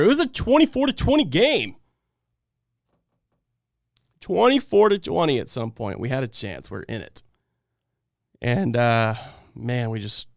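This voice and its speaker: A man hosting a fan livestream, ranting in frustration after a loss, swinging between loud outbursts and low muttering. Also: gravelly, clear, resonant tone, no room sound, clean studio sound. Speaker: fan podcast host. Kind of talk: post-game fan rant on a livestream.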